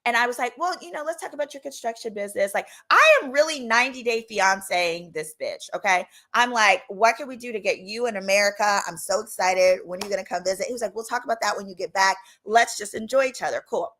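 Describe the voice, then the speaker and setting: Bright, sassy woman telling a story. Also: medium pitch, quick pace, hardly any pauses. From Texas. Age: 30s. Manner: animated, sassy, acts out quotes in different voices. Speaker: legal commentary host. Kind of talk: casual storytelling.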